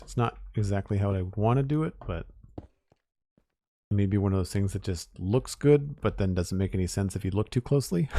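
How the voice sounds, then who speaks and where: Low gravelly man streaming a build. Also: darkish tone, dry recording, clean studio sound. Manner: musing aloud, chuckling at himself. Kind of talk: casual live-stream commentary while building.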